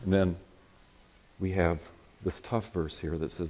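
A man preaching a sermon, conversational and animated, telling a personal story and acting out quoted voices. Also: low voice, unhurried, pauses often.

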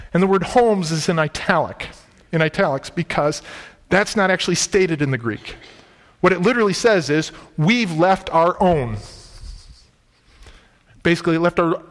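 A male preacher with a fairly high voice, delivering a sermon in a relaxed, conversational way. He leans hard on key words and retells scripture in plain modern speech. The sound carries a long reverb, like a large church hall. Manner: conversational, emphatic, paraphrasing scripture in everyday speech.

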